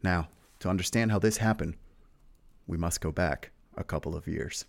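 A man's voice: deep voice, moderate pace, creaky. A young man hosting a casual history podcast, telling the story in a playful, teasing way with jokes along the way. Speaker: podcast host.

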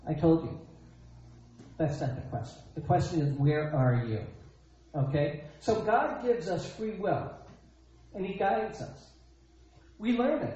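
Guy preaching a sermon, keeps repeating himself and throwing out questions, mellow voice, super echoey dull recording. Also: high voice. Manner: emphatic, repeats phrases, asks rhetorical questions.

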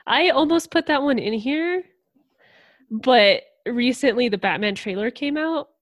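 A woman co-hosting a casual chat who talks quickly and laughs easily. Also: on the high side, lively intonation. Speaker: podcast co-host.

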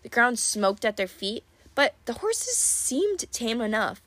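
A woman's voice: on the high side, big pitch swings, slow, fairly bright tone, no echo. Woman narrating an audiobook, dry and close. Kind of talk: first-person audiobook narration.

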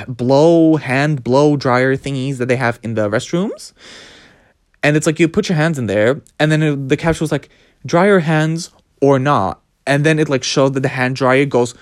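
A man telling a story about his escape room trip in a casual vlog, dramatic and full of swearing. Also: medium pitch. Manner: animated, profane, dramatic storytelling. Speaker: vlogger.

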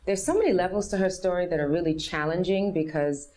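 Low-voiced New woman in her fifties. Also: fast, a little mellow. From New York City. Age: 50s. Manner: earnest, open, acts out others' voices in quotes. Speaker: guest. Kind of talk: personal storytelling interview.

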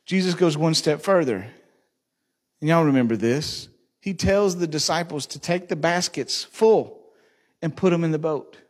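A man's voice: fairly high pitch, moderate pace. A male pastor preaching a sermon, joking and asking the congregation questions. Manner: jokey, asks the congregation questions.

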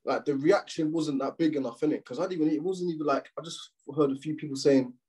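A young man chats on a podcast, his voice dark and a little husky. He talks in loose slang, swears freely and gets animated when he rants. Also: on the high side, fast, rough recording. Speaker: podcast co-host. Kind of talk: casual chat.

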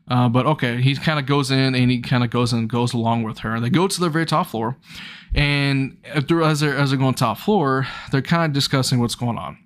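Rambling, chatty young man. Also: moderate pace. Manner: rambling, loose and chatty, jumps up in pitch when excited. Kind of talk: casual retelling of an anime episode.

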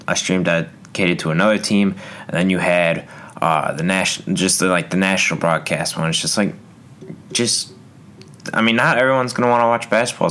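A man's voice: low-pitched, a bit bright. A young man hosting a solo podcast, rambling through a casual rant with lots of fillers and restarts. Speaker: podcast host.

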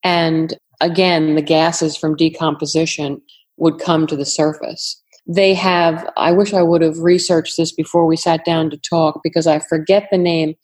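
Retired agent, woman, New York accent, lower pitch, measured and thoughtful. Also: little pitch movement, darkish tone. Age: older. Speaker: retired FBI agent, guest. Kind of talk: interview answers.

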